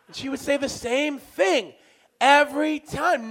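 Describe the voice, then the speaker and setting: A man doing a stand-up set, self-deprecating, shifting from muttered asides to shouts. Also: very high-pitched, moderate pace. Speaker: stand-up comedian.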